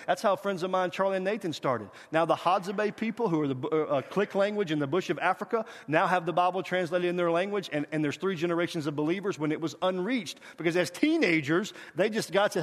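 Man, middle-aged, guest sermon, animated, call and response, reverberant church hall. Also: sits high, fast talker, hardly any pauses. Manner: animated, swings from loud urging to quiet; calls the congregation to repeat after him. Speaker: guest preacher. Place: church sanctuary.

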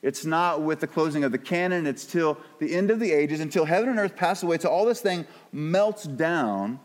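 A man's voice: on the high side, animated, moderate pace. A male pastor preaching a sermon in a conversational, emphatic way, repeating words for stress. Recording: long hall reverb.

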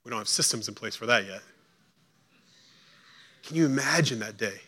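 A man preaching a sermon as pastor, acting out quotes and swinging between hushed, slow lines and loud, urgent ones. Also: mid-range voice, expressive.

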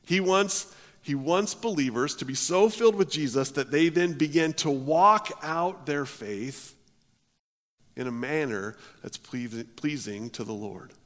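A male pastor preaching a sermon, often restarting his words, his voice swelling loud and then dropping low. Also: measured pace, big-room sound. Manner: stammering restarts, swells and drops in volume.

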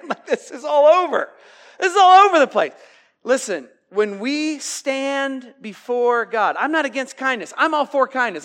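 A man's voice: extremely high pitch, fairly bright tone. A man preaching a sermon as pastor, conversational and emphatic, with joking asides.

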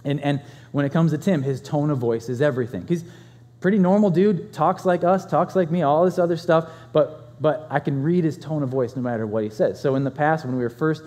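Pastor, male, conversational sermon storyteller, loudness swings; slightly high voice, reverberant church hall. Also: a little fast.

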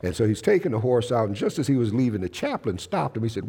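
In a church with a big-room sound, a pastor delivers a Pentecostal sermon in a mid-range voice that is very animated, mellow and husky. He tells stories, stretches out emphatic phrases, and invites the congregation to call back in response.

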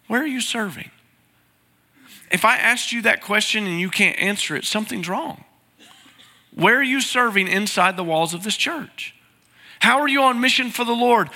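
A man's voice: high-pitched, creaky, pushed and bright. A man preaching a sermon as pastor, earnest and pleading. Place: large church sanctuary. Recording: reverberant sanctuary sound.

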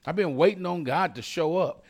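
A man's voice: fairly high pitch, normal speed. A man preaching a sermon as pastor, addressing the congregation directly with rising intensity and call-and-response asides.

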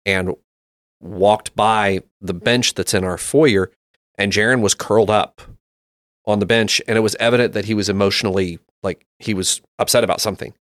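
Brief: man in his thirties, low voice, dry close mic, reflective storytelling tone for a faith chat. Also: steady tone, moderate pace, fairly bright tone, dry recording. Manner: reflective storytelling, with frequent restarts. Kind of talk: casual conversation about faith.

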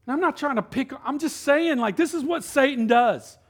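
A man in his thirties preaching a casual sermon. He peppers his talk with "man" and "right?" and slows down to read scripture. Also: very high voice, animated. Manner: reads scripture slowly and deliberately. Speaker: pastor.

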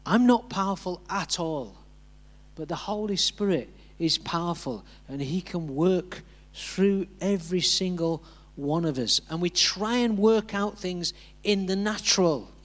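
A man's voice: high voice, lively intonation, unhurried. A man preaching a sermon, telling a personal story, acting out the voices he quotes and chuckling along.

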